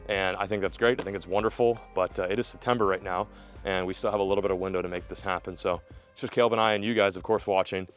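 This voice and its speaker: A man narrating a fishing vlog to camera outdoors by a remote lake, energetic and jokey. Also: deep voice, quick pace, faint music behind. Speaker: fishing vlogger.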